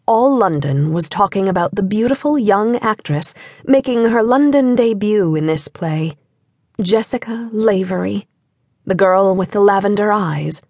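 Husky woman narrating a story. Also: medium pitch, darkish tone, no room sound, studio quality. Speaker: audiobook narrator. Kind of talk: scripted narration.

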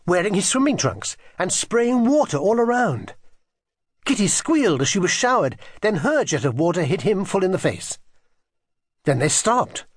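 The narrator here reads a children's storybook in a husky voice that sits high, with expressive intonation rising and falling widely. The audiobook recording is close and dry, without any room sound.

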